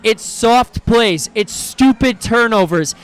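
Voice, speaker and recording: A man with a strikingly high voice hosts a live post-game reaction stream. He rants hard and swears freely, sounding exasperated, and keeps stumbling into restarts as his frustration boils over. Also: slow, clean tone. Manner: heated, profane and exasperated, with repeated stammering restarts.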